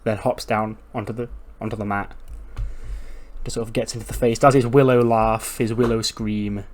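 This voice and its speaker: A man's voice: fairly low pitch, steady tone, moderate pace, a little hiss or hum. A man narrating a wrestling game in a casual, chatty way, recapping scenes and chuckling often. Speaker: video game commentator. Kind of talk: casual let's-play narration.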